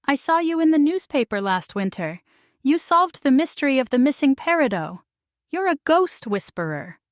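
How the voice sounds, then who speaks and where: A woman's voice: sits high, very animated, moderate pace, no echo, clean studio sound, voice pushed up. A woman voicing a distraught, weepy middle-aged woman baker in an audiobook. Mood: eager.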